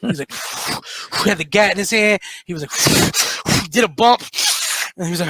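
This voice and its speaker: A man jokes and tells stories on a comedy radio show, and his voice sits high and sounds bright and forward. He acts out the people in his stories with lots of animation. The studio sound is dry and close. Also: normal speed, no room sound. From New York. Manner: animated, acts out characters in bits. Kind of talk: comedic banter and storytelling.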